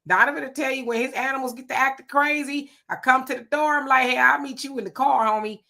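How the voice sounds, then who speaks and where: Bright casual woman livestream host. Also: sits high, steady tone, quick pace, vocal fry. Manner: laughing, playful, reads viewer comments aloud. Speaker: livestream co-host reading chat. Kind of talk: casual chat.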